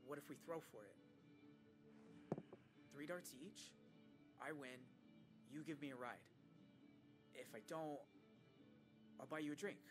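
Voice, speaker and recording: A man's voice: fairly high pitch, slow, long pauses, music in the background. An actor playing an eager young man on the run, pleading with a stranger for a ride.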